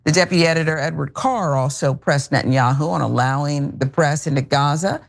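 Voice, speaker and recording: A woman co-hosting a political show, reading out news reports in a measured, informational way. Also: low-pitched, gravelly. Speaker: co-host.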